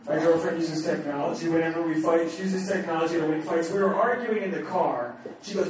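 Brash high-voiced man doing standup. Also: brisk, hardly any pauses, far from the mic, slight background noise. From New England. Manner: brash, crude, bantering with hecklers. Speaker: standup comedian. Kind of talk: standup comedy set. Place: comedy club stage. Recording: echoey club recorded from afar with crowd. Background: audience laughter and heckling.

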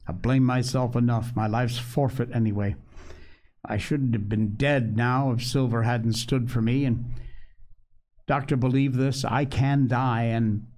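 A man's voice: medium pitch, fairly even intonation, unhurried, a little mellow, natural voice. A man voicing an honest, frightened young cabin boy who speaks in an earnest, pleading way.

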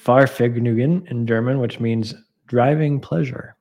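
A man's voice: medium pitch, fairly even intonation, a little slow, a little mellow. A man hosting a podcast in casual chat, easygoing and jokey as he steers the talk and wraps up the episode. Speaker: podcast host.

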